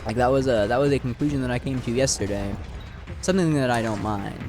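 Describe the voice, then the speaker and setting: A man's voice: mid-range voice, quick pace. Rambling young man musing over gameplay. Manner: rambling, filler-heavy, swears casually. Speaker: gaming video creator. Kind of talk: reflective talk over gameplay. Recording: background game music.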